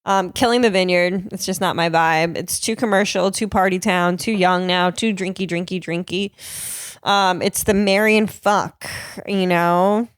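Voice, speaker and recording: A woman's voice: fairly low pitch, normal speed, clean tone, dry recording. A woman from Cape Cod hosting her own podcast, telling stories in a casual, profane, laughing way into a close mic. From Cape Cod, Massachusetts. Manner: profane, laughing, animated storyteller. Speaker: podcast host and comedian. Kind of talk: casual storytelling.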